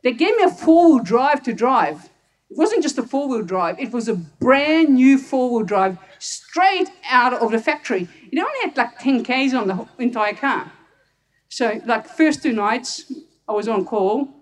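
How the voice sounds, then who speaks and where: A woman's voice: on the high side, expressive, normal speed, distant mic. A woman from Hungary who is a doctor, telling personal stories to an audience and laughing often. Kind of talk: personal storytelling talk to an audience.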